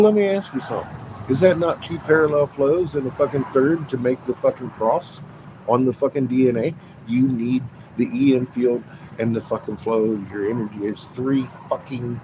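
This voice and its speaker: A man's voice: mid-range voice, noisy background. A man livestreaming a rambling, profane rant, swearing constantly, repeating himself and laughing between points.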